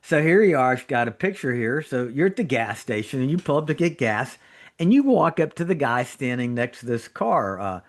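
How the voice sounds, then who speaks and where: A man's voice: medium pitch, big pitch swings, normal speed. A middle-aged man, a trauma surgeon and regular podcast guest, telling anecdotes in casual chat, laughing as he goes and acting out quotes. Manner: chatty storyteller who laughs through anecdotes and acts out quotes.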